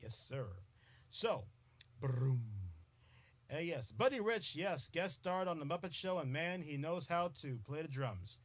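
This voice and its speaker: A man hosts a live podcast, chatting playfully with commenters in casual live-stream talk and often breaking into giggles. His voice is fairly high with lively intonation, at a normal speed.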